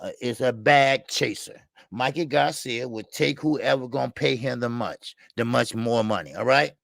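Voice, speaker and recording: A man's voice: medium pitch, creaky, fairly bright tone, dry recording. A man hosting a boxing talk stream, ranting in a heated, profane way, repeating himself and calling out viewers by name. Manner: reads viewer names and Super Chats. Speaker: boxing talk show host. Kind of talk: live-stream call-in rant.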